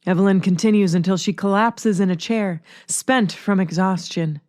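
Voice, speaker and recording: A woman narrating a chapter of a story in a steady, measured way. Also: mid-range voice, no echo, clean studio sound. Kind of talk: storybook reading.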